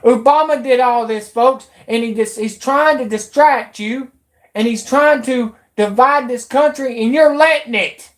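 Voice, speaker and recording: A woman with a drawl delivers a profane, heated rant straight to her viewers. Her voice sits a little high and swells into angry bursts before dropping low and bitter. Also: unhurried. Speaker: YouTube commentator.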